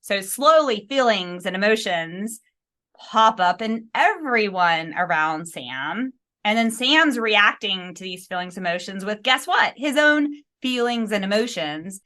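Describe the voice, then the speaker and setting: A woman's voice: mid-range voice, animated, measured pace, sharp tone. A woman hosting a podcast, talking enthusiastically as she retells scenes from a book. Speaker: podcast host. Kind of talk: podcast interview.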